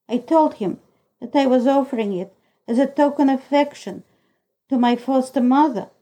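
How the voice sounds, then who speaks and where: A woman narrating a novel in the first person, reading in a steady, even storytelling way. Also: high-pitched, normal speed, low-quality recording. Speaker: audiobook narrator.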